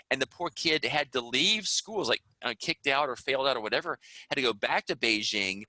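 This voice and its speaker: An upbeat man with a Southern US accent, talking through an online English lesson in a rambling, friendly way. His voice is bright and close, with a dry sound and no room around it. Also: medium pitch, no echo, poor audio. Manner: upbeat, chatty, rambling asides. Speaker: English teacher. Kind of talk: online class chat.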